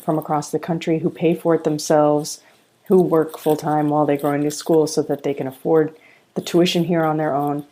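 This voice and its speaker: Low-voiced woman telling earnest stories. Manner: earnest, animated storyteller. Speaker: college founder and president. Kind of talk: podcast interview, storytelling.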